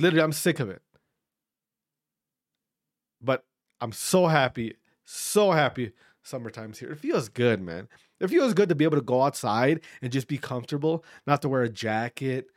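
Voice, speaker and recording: A man in his thirties from Wisconsin, hosting a podcast and ranting casually with profanity, his voice congested from allergies. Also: a little high. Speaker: podcast host. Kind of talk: casual solo rant.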